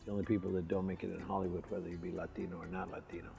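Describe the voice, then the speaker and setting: Very deep gravelly-voiced man. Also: little pitch movement, racing, dark tone, soft background music. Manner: hesitant, many fillers. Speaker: interviewee.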